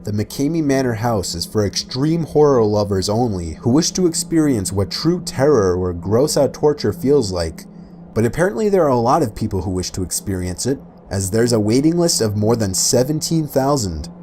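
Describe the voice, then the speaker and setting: A man reading a scripted countdown narration in a measured, matter-of-fact way. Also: mid-range voice, very animated, dark tone, a little hiss or hum. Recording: voice-over with clear background music.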